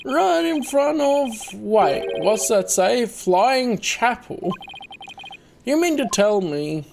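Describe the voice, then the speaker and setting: A woman's voice: on the high side, big pitch swings, slow, vocal fry, noisy background. A woman hosting a casual game playthrough, reading along and commenting in an amused way. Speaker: gaming host.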